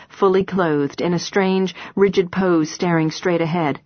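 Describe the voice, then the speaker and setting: Woman audiobook narrator, low steady voice, dry close sound, first-person novel. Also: no echo, dull audio. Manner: steady, measured storytelling.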